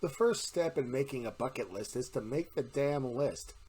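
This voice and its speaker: A man's voice: medium pitch, expressive, normal speed, a little mellow, slight background noise. A man hosting his own vlog in a chatty, blunt and self-deprecating way, telling a joke and then talking straight to his viewers. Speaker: vlogger, channel host. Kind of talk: casual vlog with a told joke.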